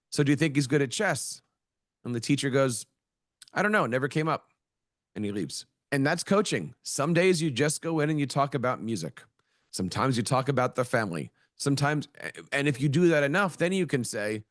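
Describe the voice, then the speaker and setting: A man's voice: medium pitch, no room sound, studio quality. A middle-aged man, an educator who is a guest on a podcast, telling stories in a chatty way and acting out the voices of people he quotes. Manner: storytelling, acts out quoted voices. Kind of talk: conversational interview.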